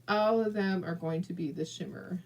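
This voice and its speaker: A woman's voice: on the low side, normal speed, gravelly, darkish tone, low-quality recording. A woman from southern California hosting a casual crafting livestream, chatty and encouraging, talking straight to viewers and laughing often. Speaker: craft video host.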